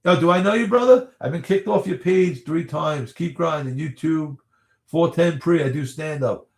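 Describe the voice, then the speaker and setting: A man's voice: fairly high pitch, moderate pace, reverberant. A man in his thirties hosting a casual livestream, answering viewer questions in a rambling, chatty way with frequent laughs. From New York area. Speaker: livestream host.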